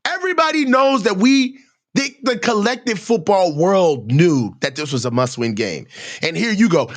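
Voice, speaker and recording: A man with a high voice that swings wildly up and down, giving live sports reaction commentary. He rants in heated, slangy bursts as the host of a football reaction stream. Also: lively intonation, normal speed.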